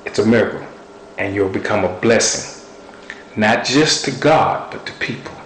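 A man's voice: fairly low pitch, unhurried, reverberant, slight background noise, low-quality recording. A man preaching a sermon, speaking earnestly and building his points through repetition.

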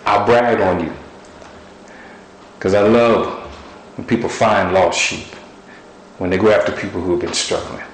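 A man preaching a sermon, telling stories with animated delivery. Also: measured pace, long pauses, reverberant, a little hiss or hum, low-quality recording. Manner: storytelling, animated with sudden high shouts.

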